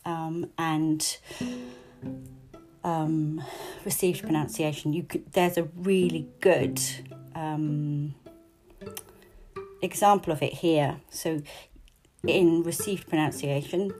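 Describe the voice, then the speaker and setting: Low-voiced woman teaching a sonnet, music behind. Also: fairly even intonation, slow pace. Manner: chatty, stops to explain and rephrase. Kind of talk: poetry lesson with readings and paraphrase.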